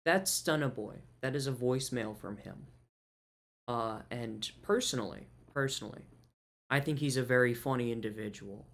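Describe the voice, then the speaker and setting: A man's voice: mid-range voice, moderate pace, a bit bright. A man co-hosting a podcast in casual chat, rambling and profane, often breaking into laughter. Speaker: podcast co-host.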